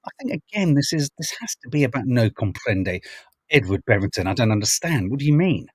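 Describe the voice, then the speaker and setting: A man's voice: medium pitch, sing-song, fairly quick, a little mellow, husky, no echo, rough recording. A man hosting a podcast, chatting wryly about news stories and reading out viewer comments. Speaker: podcast host reading the papers. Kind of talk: casual chat.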